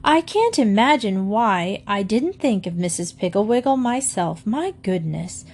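A woman's voice: mid-range voice, animated, measured pace, a little mellow. A woman reading aloud, voicing a flustered mother who pleads in a raised, distressed voice. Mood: relieved. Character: flustered mother, middle-aged woman, tearful.

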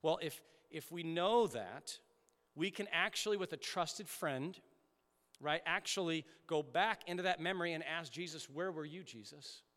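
A pastor delivering a conversational sermon, emphatic at times and dropping to soft prayerful tones. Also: male voice, fairly high pitch, unhurried, in a large hall. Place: church sanctuary.

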